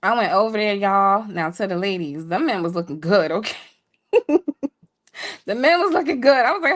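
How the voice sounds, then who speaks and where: A woman's voice: moderate pace, pauses often. A woman co-hosting a show, telling a story in a casual, playful way with laughing asides to listeners. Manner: animated, jumps high when quoting people. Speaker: podcast co-host telling a story.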